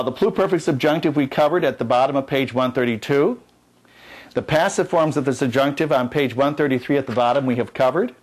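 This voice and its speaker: A middle-aged man teaching Latin at a whiteboard in a classroom, folksy and jokey, repeating key points and restarting his sentences. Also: on the high side.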